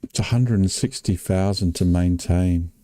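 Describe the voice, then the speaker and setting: A man's voice: deep voice, measured pace, warm tone. An older man with an Australian accent, hosting a flight sim game channel and chatting casually while playing, teasing and laughing easily. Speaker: gaming channel host.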